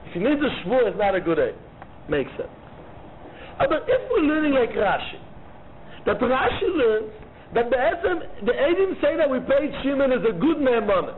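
A man teaching a Talmud lecture, arguing both sides of the case in an animated way and repeating key phrases. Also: very high voice, normal speed. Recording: tinny phone-like line with faint noise.

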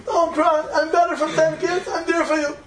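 A man voicing a gentle adult husband who soothes and reassures his wife during a storytelling sermon. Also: very high-pitched, little pitch movement, moderate pace, reverberant, noisy background, pitched above the performer's own voice. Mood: comforting.

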